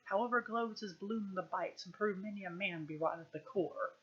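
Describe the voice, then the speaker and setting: A small boy solemnly declaiming a tyrant's speech in slow, grave theatrical cadence, as a woman reads it aloud. The voice sits mid-pitch. The recording is a bit dull and muffled. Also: husky, close to an everyday voice.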